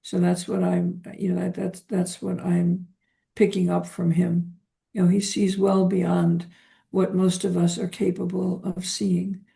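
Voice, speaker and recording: A woman speaks as a guest on a spiritual interview show, reflective and unhurried, often pausing on an "um" before going on. Her voice is heavily gravelly with lots of vocal fry, mellow and dark in tone, and her pitch stays flat and even. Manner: reflective, hesitant with frequent ums. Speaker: podcast guest, psychotherapist.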